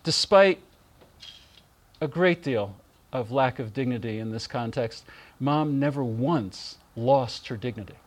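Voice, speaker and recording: A middle-aged man gently and warmly telling personal stories in a remembrance talk, with soft pauses. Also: mid-range voice. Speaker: speaker giving a spiritual reflection.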